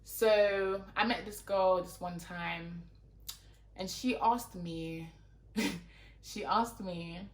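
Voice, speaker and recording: A woman's voice: fairly low pitch, fairly even intonation, extremely slow. A young woman with a London accent chatting to camera as a YouTuber, exasperated and talky, leaning on "like" a lot. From London, England. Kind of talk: casual chat to camera. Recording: roomy echo.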